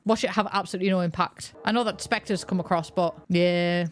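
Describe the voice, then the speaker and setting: A woman's voice: mid-range voice, fairly quick, hardly any pauses. Chatty woman narrating gameplay. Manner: chatty, excitable, thinking aloud. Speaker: gaming video creator. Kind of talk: let's-play commentary.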